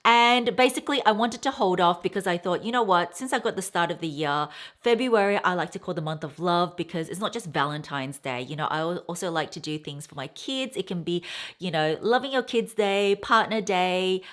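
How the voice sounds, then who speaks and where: A woman's voice: lowish voice, brisk, fairly bright tone. A woman in her thirties chatting casually as a vlogger, rambling and telling a story while unboxing. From Australia. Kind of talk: casual haul chat.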